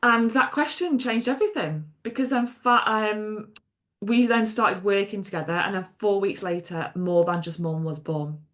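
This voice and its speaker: A woman from talks straight to her listeners in an unscripted solo podcast. She is chatty and emphatic, drops in "okay?" and "right?" asides, and swears without a second thought. Her voice sits at an ordinary middle pitch for a woman. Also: normal speed, a bit bright. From England. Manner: blunt, swears freely. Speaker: podcast host and coach.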